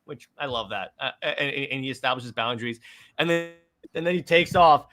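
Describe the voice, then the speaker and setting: A man's voice: mid-range voice, brisk. A man hosting a casual movie discussion, eagerly recapping scenes and often stumbling over his words as he restarts. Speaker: podcast host.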